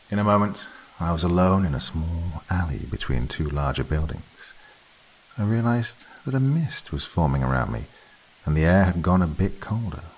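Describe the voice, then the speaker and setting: A man with a very deep, husky voice narrates a horror story. His delivery is measured and softly dramatic, in the manner of a scripted spooky tale. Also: poor audio.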